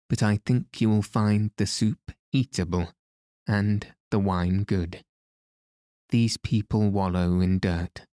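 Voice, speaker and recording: A man voicing a courteous English gentleman who speaks with formal, old-fashioned politeness. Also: fairly low pitch, dry recording, studio quality.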